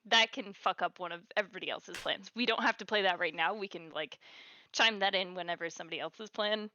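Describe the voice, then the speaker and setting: A woman playing a tabletop game over an online call, narrating her turn in a hesitant, restarting way and putting on quick voices for characters. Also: medium pitch, sharp tone, no room sound, highs cut off.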